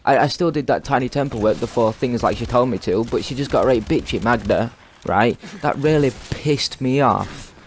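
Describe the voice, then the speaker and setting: A man's voice: medium pitch, normal speed, a little hiss or hum. Rambling, swearing teenage boy. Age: teens. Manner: rambling, swears constantly, lots of restarts. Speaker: gaming video commentator. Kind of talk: casual rambling storytelling over gameplay.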